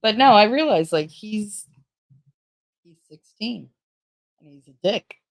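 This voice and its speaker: Speaking slowly in an expressive, mid-range voice, a middle-aged woman hosts a stream and chats casually with viewers in the live chat. Her talk is blunt and full of profanity, punctuated by frequent laughter.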